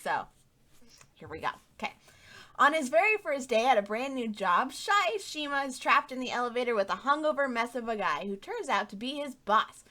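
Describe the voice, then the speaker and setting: Bright-voiced young woman podcast host. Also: fairly high pitch, sing-song, normal speed. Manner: rambling, filler-heavy, laughs easily. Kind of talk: casual chat.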